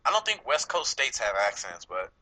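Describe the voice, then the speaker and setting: A man's voice: medium pitch, big pitch swings, normal speed, sharp tone, poor audio. A man from Los Angeles with an LA accent, hosting a casual chat, swearing and laughing often. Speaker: podcast host.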